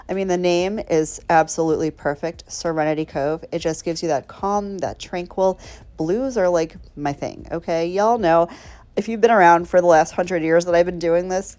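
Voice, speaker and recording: A woman's voice: fairly low pitch, normal speed, mellow. A woman chatting through a nail tutorial in a bubbly, rambling way, talking straight to her viewers. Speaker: nail art creator.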